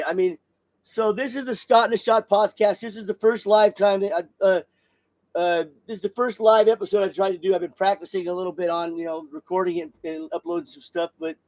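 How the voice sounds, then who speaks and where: A man's voice: high-pitched, darkish tone. A middle-aged man hosting his own live podcast, ranting heatedly about politics with repeated phrases and stumbling restarts. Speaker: podcast host.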